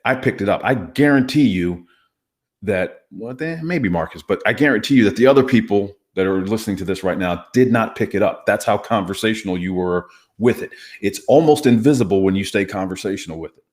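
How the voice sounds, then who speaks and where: Low-voiced man, emphatic instructor. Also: darkish tone. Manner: emphatic, instructive, demonstrates inflections. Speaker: hostage negotiator guest. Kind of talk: conversational teaching interview.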